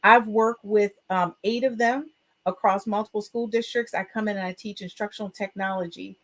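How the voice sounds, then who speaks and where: A woman's voice: medium pitch, normal speed. A woman hosting an education podcast, chatty and upbeat, with frequent fillers. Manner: expressive and emotional. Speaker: podcast host. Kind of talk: casual podcast talk.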